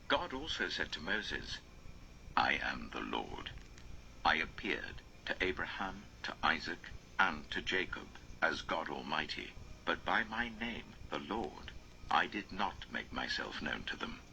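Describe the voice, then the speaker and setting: A man reading scripture aloud in a slow, solemn way, his voice often sinking to a near whisper. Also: very deep voice, very animated, gravelly, pushed and bright, slight background noise, poor audio.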